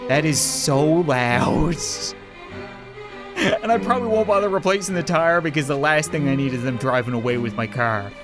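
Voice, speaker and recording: A man's voice: a little high, animated, normal speed, music in the background. A man giving casual gameplay commentary, joking crudely and laughing often at his own lines. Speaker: gaming video host.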